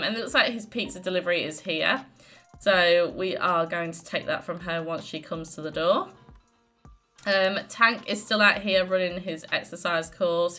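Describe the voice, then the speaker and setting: Woman hosting a game let's play, chatty and giggly, lowish voice, faint music behind. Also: pushed and bright. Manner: chatty, giggly, lots of fillers. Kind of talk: casual gameplay commentary.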